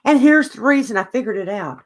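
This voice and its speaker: Co-host, mid-pitched, ranting hard about sports in loose podcast chat. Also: expressive, brisk. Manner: opinionated, ranting.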